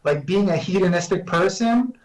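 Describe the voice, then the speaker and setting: A man talking as a guest professor on a video call, measured and explanatory with frequent restarts. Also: high-pitched, animated, recorded from a distance, poor audio. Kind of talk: remote interview answers.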